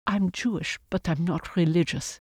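A woman's voice: on the low side, normal speed, a little mellow, slightly rough, dry recording. A reader voicing a poised refugee woman from Germany who gives formal, composed answers to officials.

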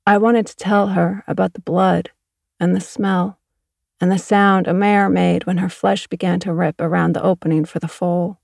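Low gravelly woman narrating. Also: fairly even intonation, moderate pace, a little mellow, dry recording, studio quality. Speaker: audiobook narrator. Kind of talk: first-person audiobook narration.

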